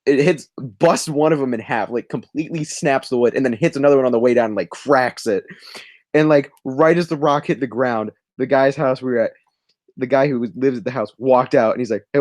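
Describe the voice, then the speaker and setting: A man's voice: medium pitch, no echo, studio quality. Young man rambling through a story. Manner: rambling, self-interrupting, laughs while telling a story. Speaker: livestream co-host drawing. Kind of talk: casual storytelling.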